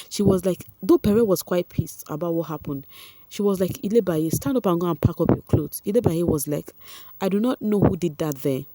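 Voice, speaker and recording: A woman with a Nigerian accent recapping reality-show events for her viewers in a chatty, animated way, often turning to address them directly. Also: fairly low pitch, fairly quick, no room sound. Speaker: vlogger.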